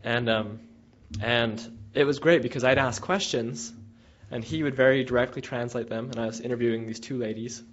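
A man's voice: medium pitch, normal speed, slight background noise. Young man telling a field story. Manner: rambling, with many restarts and fillers, animated when retelling dialogue. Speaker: former field researcher advising students. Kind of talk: casual anecdotal talk. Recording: dull lo-fi recording.

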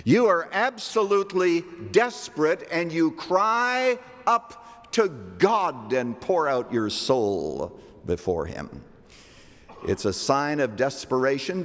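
An older man preaching a sermon as a pastor, slowing down to stress scripture verses with emphatic delivery. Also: fairly high pitch. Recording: long reverb of a large hall.

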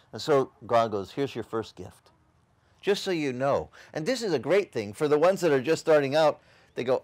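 A man's voice: mid-range voice, a little mellow. A man preaching a sermon as a pastor. He talks conversationally, quizzes the congregation with rhetorical questions and mocks opposing views in dismissive quoted voices. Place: outdoor beach service.

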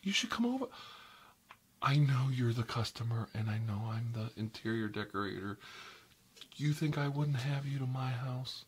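A man voicing a chatty, oversharing interior decorator in a whispered role-play, rambling and gossiping with sudden high squeals and soft asides. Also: lively intonation, normal speed, a little hiss or hum, close to an everyday voice. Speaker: ASMR role-play creator.

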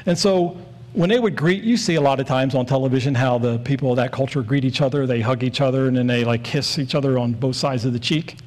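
A man's voice: medium pitch, fast talker, a little mellow. A man in his forties preaching a sermon in an earnest, storytelling way, leaning on repeated phrases.

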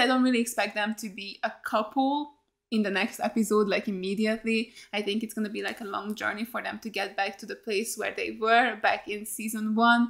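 Woman gushing through a tv reaction, kinda high voice, swears a lot. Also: fairly bright tone. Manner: gushing and effusive, swears often. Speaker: reaction video creator. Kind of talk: casual TV reaction commentary.

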